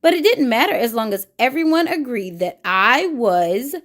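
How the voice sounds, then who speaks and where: A woman's voice: fairly high pitch, expressive, a bit bright. A woman reading aloud as a boastful, attention-hungry cheese, in a pompous, showy storybook manner. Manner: pompous, showy, drawn-out bragging. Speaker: children's book reader. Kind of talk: picture book read-aloud.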